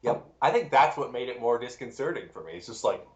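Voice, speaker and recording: An animated co-host whose pitch swings widely as they trade wry, sarcastic asides in a casual podcast chat. The voice sits in a roomy space, and the recording sounds dull and lo-fi. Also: fast.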